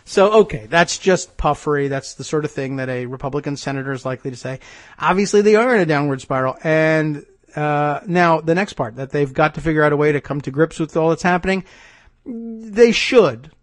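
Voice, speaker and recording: A man's voice: a little high, a little fast, no echo, studio quality. Sarcastic male political talk host. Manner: animated, sarcastic, exasperated. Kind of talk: political commentary monologue.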